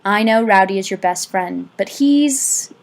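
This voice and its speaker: A woman's voice: mid-range voice, expressive, vocal fry, low-quality recording. A woman reading the lines of an earnest adult male teacher in an amateur audiobook, talking urgently and sometimes stammering. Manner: urgent, halting, stammering in places.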